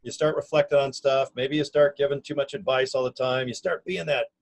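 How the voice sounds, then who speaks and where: A man in his fifties talks casually and energetically into his own camera, pitching an online business in a folksy, slangy, emphatic way. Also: fairly even intonation, fairly quick, vocal fry, rough recording. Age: 50s. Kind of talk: casual self-recorded video pitch. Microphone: camera or phone mic.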